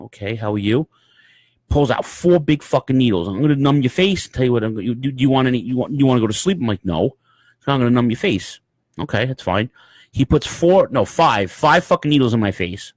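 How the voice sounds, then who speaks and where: A man co-hosting a podcast, telling a story in casual chat, profane and animated, acting out the people in it. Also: medium pitch, brisk, no room sound. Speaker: podcast co-host.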